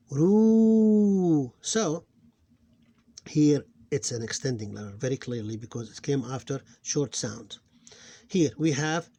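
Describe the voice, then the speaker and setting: A man teaching a phonics lesson, explaining step by step and sounding out syllables loudly. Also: mid-range voice, slightly rough, no room sound.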